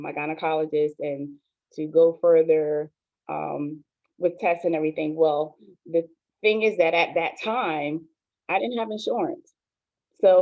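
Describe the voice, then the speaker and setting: A woman in her forties, a pastor, telling her own story in a soft, hesitant, earnest way, with many pauses and ums. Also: lowish voice. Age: 40s. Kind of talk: personal testimony on an online show. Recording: tinny phone-like line, dry.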